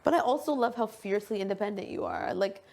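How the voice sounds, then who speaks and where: A woman with a gravelly, creaky edge to her voice, talking in a loose, casual chat. She speaks at a middle pitch and gets animated, often quoting others in put-on voices. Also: quick pace. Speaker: reality show houseguest.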